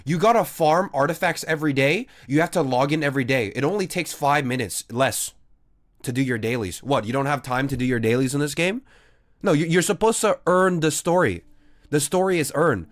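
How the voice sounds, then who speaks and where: A man streaming a game, chatting casually with a sarcastic, teasing manner and frequent swearing. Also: fairly high pitch. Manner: sarcastic, teasing, mock-arguing with chat.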